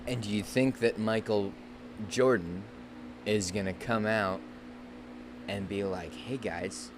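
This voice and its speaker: A man's voice: on the low side, fairly even intonation, takes it slowly, background noise. A man in a casual, comedic rant about a movie, rambling, restarting sentences and trailing off. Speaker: movie vlogger.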